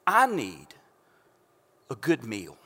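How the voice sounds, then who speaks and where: A man voicing a talking male bear in a sermon story, speaking in a calm, soothing way. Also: mid-range voice, slow pace, pitched below the performer's own voice, heavily acted. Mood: calm reasoning.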